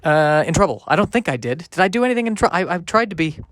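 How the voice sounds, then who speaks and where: Guy doing a solo comedy podcast, kinda high voice, rambly and self-mocking, stops and restarts a lot, dry close mic. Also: sing-song, a bit bright, no echo. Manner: self-deprecating, halting, many restarts, sardonic asides. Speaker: podcast host.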